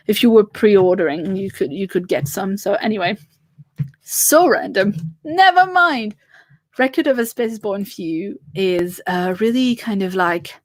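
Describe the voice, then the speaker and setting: A woman's voice: mid-range voice, dry recording, studio quality. A woman with a French accent, a native French speaker, hosting a livestream in a rambling, casual chat full of fillers and restarts, talking from home on a webcam. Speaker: livestream host.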